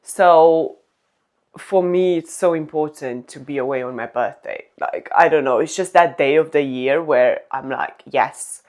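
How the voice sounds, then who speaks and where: A woman's voice: low-pitched, measured pace, a little mellow. A woman travel vlogger talking casually and with enthusiasm, laughing often, partly while walking outdoors through a rainy garden. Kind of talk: casual vlog talk and voice-over narration.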